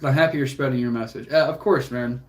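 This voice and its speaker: A man's voice: medium pitch, steady tone, quick pace. A young man hosting a livestream, speaking earnestly and emotionally to viewers, motivational and casual with swearing. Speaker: fitness coach and livestream host.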